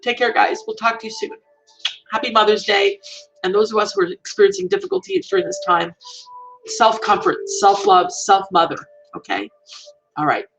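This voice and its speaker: A woman hosting a live stream, speaking in a gentle, soothing and repetitive way while emotional. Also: mid-range voice, sing-song, moderate pace, gravelly, faint music behind, poor audio. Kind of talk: heartfelt live-stream message.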